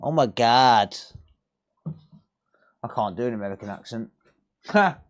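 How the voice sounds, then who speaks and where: While doing electronics repair on a live stream, a man chats casually and trades crude jokes with his viewers. His mid-range voice is expressive and a little slow.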